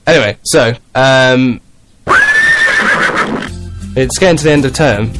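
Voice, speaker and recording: A man's voice: medium pitch, a little slow, over loud music. Young male student host, chatty. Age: young adult. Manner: laughs often, chatty. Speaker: drama student. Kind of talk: casual chat. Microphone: studio microphones.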